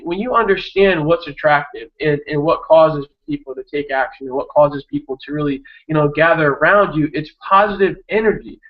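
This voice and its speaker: A young man giving a motivational talk on a video hangout, energetic and repetitive, often tagging "right?" on his sentences. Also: fairly high pitch, lo-fi sound. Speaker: network marketing coach.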